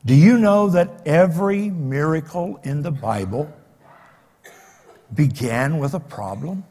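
An older man preaches a sermon in a high voice, turning dramatic as he swings from loud cries to near-whispers. His voice rings out with the long reverb of a big church hall. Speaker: pastor. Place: church sanctuary.

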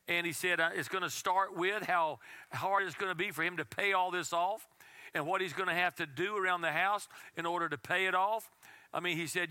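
A man preaching a sermon as pastor, telling a story in a conversational way and dropping to a soft, intense tone. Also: high-pitched, no echo.

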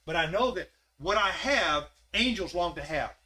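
A man preaching a casual, earnest sermon. He rises in his voice when he stresses a point and drops to a soft, close tone when he asks questions. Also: sits high, lively intonation, normal speed, rough recording. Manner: earnest, repetitive, rises when emphatic, softens to a near hush when asking questions. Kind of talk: conversational sermon.

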